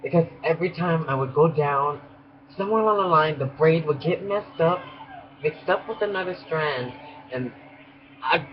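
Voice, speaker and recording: A man's voice: a little high, normal speed. A young man, a beauty school student, telling a rambling story in a casual vlog, laughing often and restarting sentences. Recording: muffled lo-fi audio with background noise.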